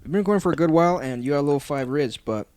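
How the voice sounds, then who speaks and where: A man's voice: fairly high pitch, very fast, a little mellow. A young man hosting a podcast in casual chat, laid-back, laughing often and swearing freely. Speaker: podcast host.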